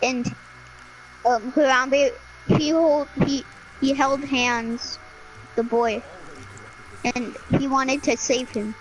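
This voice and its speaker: High-voiced, excitable female gamer. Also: slow pace, long pauses, slight background noise, rough recording. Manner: excitable and melodramatic, with sudden shouts. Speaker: gaming streamer. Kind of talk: casual gameplay chat.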